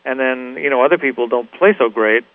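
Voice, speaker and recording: A middle-aged man, a guitarist guest in a radio interview, telling stories in a relaxed, rambling way with many fillers and restarts. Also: medium pitch, brisk, narrow, tinny audio. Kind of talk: casual interview storytelling.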